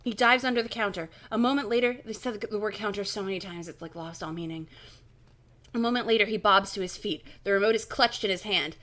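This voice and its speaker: Woman streamer, mid-pitched voice, reads a spooky book aloud live and keeps breaking off into casual, swear-dotted chatter. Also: fast, fairly bright tone. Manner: casual, swears, laughs at own slips.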